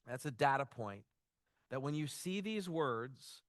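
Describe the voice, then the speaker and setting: A man's voice: mid-range voice, animated, measured pace, no room sound, clean studio sound. A man giving a conversational church workshop talk, loose and informal, often restarting his sentences. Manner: casual, loose, with frequent restarts and "like". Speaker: workshop presenter.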